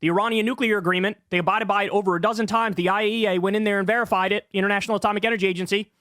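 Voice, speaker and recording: A man's voice: high-pitched, steady tone, a bit bright, dry recording, studio quality. A man giving heated, sarcastic political commentary as a streamer. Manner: angry, sarcastic, rapid ranting.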